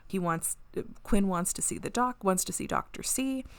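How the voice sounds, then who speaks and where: A woman's voice: medium pitch, expressive, normal speed, vocal fry, clean tone. A woman co-hosting a podcast, recapping an episode in a chatty way and laughing often. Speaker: podcast co-host.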